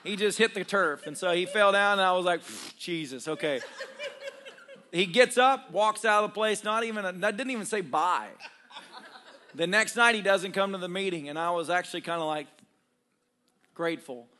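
A man's voice: high-pitched, moderate pace, pushed and bright, a little hiss or hum. A man preaching a storytelling sermon as a pastor, humorous and self-deprecating, laughing often as he talks straight to his congregation. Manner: conversational, addresses congregation directly.

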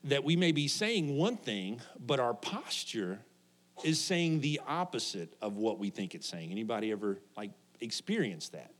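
A middle-aged pastor with a mid-range, very animated and somewhat bright voice preaches to his congregation at a moderate pace. His sermon is loose and conversational; he jokes, laughs a lot, and keeps tossing questions to the people in front of him.

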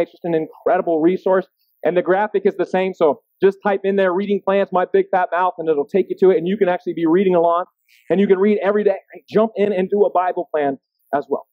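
A man's voice: high-pitched, no echo. A man in his thirties preaching a sermon in a casual, self-deprecating way, often checking in with the room. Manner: self-deprecating, conversational, asks the room "right?". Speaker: pastor. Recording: dry, phone-like narrow sound.

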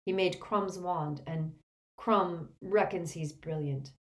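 A woman's voice: on the low side, slow pace. A woman voicing a tense, stubborn teenage boy wizard who answers defiantly.

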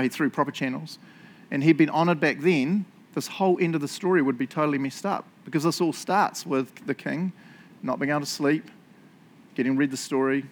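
A man preaching a lively sermon, laughing often and acting out the characters' voices. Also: fairly high pitch, a little hiss or hum. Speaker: pastor.

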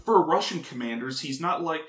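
A man's voice: fairly high pitch, lively intonation, brisk, fairly bright tone. A man hosting a casual podcast, telling a history story in a rambling, joking way and often correcting himself.

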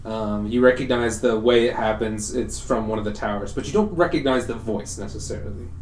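A man narrating a tabletop game as game master, relaxed and halting with frequent fillers. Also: fairly low pitch, slight background noise. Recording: roomy echo.

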